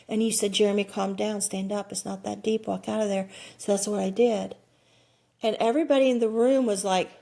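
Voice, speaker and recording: A woman in her sixties tells her story as an interview guest, earnest and conversational. Her voice sits a little high, and she slips into the voices of the people she quotes, with plenty of "you know" along the way. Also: a little mellow. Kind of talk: personal storytelling.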